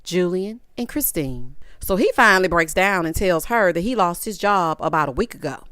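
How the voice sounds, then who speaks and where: Sassy woman dishing on reality tv, smooth clear voice, dry close sound. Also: on the low side, expressive, normal speed, fairly bright tone, no echo. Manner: sassy, exasperated, quotes people in voices. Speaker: reality TV recap host. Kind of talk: casual commentary recap.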